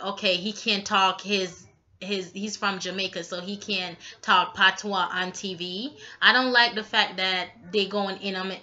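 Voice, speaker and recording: A woman talking straight to her viewers in a casual, opinionated recap. Her voice is bright and forward, with a blunt, chatty delivery full of fillers. The recording sounds dull and lo-fi. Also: mid-range voice. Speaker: vlogger reviewing a reality show.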